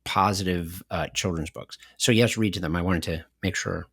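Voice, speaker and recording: A middle-aged man with a low voice, co-hosting a podcast and telling anecdotes with animated energy, often breaking into laughter. The sound is dry and close, with no room around it. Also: normal speed, creaky, breathy edge, no room sound. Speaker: podcast co-host. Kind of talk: conversational podcast discussion.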